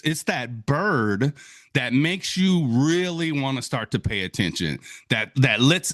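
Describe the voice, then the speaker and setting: A guest speaker from Wisconsin, USA, gives an inspirational talk, calling his audience folks and y'all. He tells stories animatedly in a middle register, often leaping up in pitch to act out his own amazement. The sound is dry and close, with no room echo.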